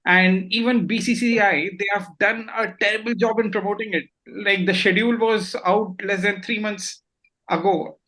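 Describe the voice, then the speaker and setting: A man's voice: high voice, moderate pace, rough recording. A man in his thirties with an Indian English accent, co-hosting a casual chat and often stumbling over his first words. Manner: animated, repeats words when starting sentences. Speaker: podcast co-host.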